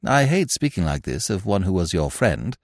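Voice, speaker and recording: A man voicing a suave, verbose young gentleman in a storybook reading, speaking in ornate, grave, mock-sincere sentences. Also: low-pitched, very animated, moderate pace, dry recording, clean studio sound. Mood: mock-solemn.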